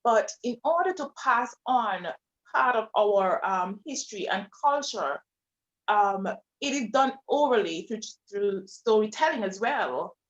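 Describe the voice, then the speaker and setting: A woman's voice: medium pitch, animated, a little slow. A woman from Montserrat, speaking earnestly and emphatically as a panelist. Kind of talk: panel discussion. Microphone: video call. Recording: dull lo-fi video call audio.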